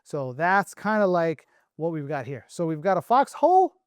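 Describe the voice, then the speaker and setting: A man's voice: fairly high pitch, big pitch swings, moderate pace, no echo, clean studio sound. A man giving a casual, playful online lesson on letter shapes, joking and thinking aloud as he goes. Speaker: Arabic letter teacher.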